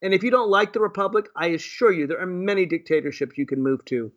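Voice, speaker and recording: A man's voice: high voice, fast, fairly bright tone, highs cut off. A man from Virginia hosting live political commentary, reacting to clips in a mocking, sarcastic voice full of rhetorical questions. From Virginia, USA.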